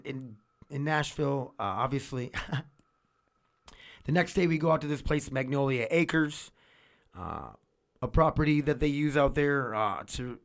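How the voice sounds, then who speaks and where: A man talking casually at home in a rambling way, swearing freely, with a washer running nearby. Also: mid-range voice. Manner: rambling, swears freely, repeats words and restarts. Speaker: vlogger. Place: home room with laundry machine running.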